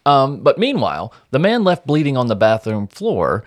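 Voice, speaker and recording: A man with an average-pitched voice tells a true-crime case as podcast host. He is blunt, wry and freely profane. The sound is dry and close. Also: huge pitch swings, normal speed, no echo. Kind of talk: casual true-crime narration.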